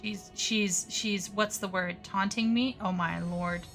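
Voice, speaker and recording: A woman's voice: mid-range voice, fairly even intonation, slow, fairly bright tone, faint music behind. A woman chatting casually with her viewers while gaming on a live stream, often flustered and stammering. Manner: chatty, flustered, talks to chat while playing. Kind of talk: casual gaming livestream chat.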